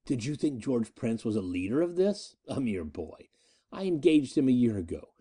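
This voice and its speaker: A man voicing a cunning, ruthless male space-pirate leader who speaks in a measured, coldly matter-of-fact way. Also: mid-range voice, sing-song, mellow, breathy edge. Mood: cold, menacing.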